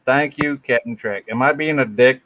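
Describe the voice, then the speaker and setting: A man's voice: mid-range voice, moderate pace, a bit bright, slight background noise. A man who is a guest on a casual livestream chat, teasing the others and swearing freely. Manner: crude, teasing, swears a lot.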